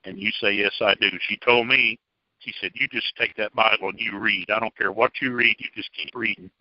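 A man's voice: on the low side, fairly even intonation, moderate pace, dry recording. A middle-aged man giving a personal testimony to a church group in a folksy, plainspoken storytelling manner. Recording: dull, dry lo-fi recording.

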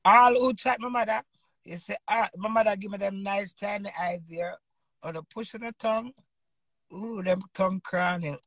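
A woman's voice: medium pitch, steady tone, moderate pace, fairly bright tone, no echo. A middle-aged woman from Jamaica with a Jamaican accent, ranting boisterously to her viewers in patois and laughing often. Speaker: vlogger. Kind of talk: casual rambling rant to viewers.

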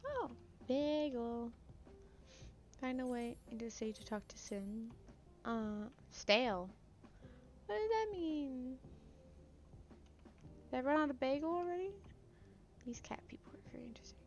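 A woman's voice: sits high, expressive, unhurried, long pauses. A woman casually commenting on a game she plays, chatty and playful, reading the dialogue aloud as she goes. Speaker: gamer. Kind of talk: casual let's-play commentary. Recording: dull lo-fi, faint noise.

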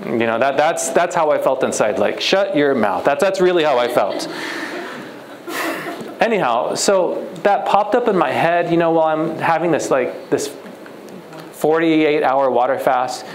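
A man's voice: fairly high pitch, animated, measured pace, echoey room, a little hiss or hum, low-quality recording. A young man, a guest speaker at a church retreat, telling a personal story in a conversational way and acting out the dialogue. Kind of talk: sermon storytelling.

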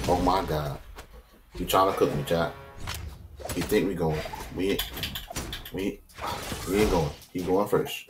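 A young man, hosting a gameplay channel, trash-talking opponents and shouting when matches heat up. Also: deep voice, measured pace, pauses often, music in the background. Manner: excitable trash talk, shouts and taunts when fighting. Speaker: gaming channel host. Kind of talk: gameplay commentary.

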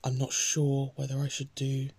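Soft, husky-voiced woman reading poetry. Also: very deep voice, monotone, normal speed. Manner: soft-spoken, often slipping into a whisper. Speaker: host of a daily poem reading. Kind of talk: casual chat and poetry reading.

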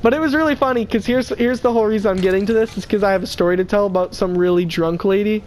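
A young woman, co-hosting a casual podcast and telling a funny story with lively impressions. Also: fast, a little hiss or hum, poor audio. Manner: animated, mimics a drunk stranger in a high wail. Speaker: podcast co-host.

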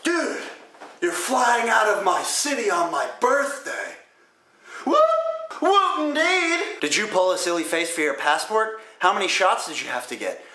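Bright-voiced joking young man, echoey room. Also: sits high, big pitch swings. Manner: joking, crude, quick comebacks. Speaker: vlogger answering viewer questions. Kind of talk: casual comedic Q&A.

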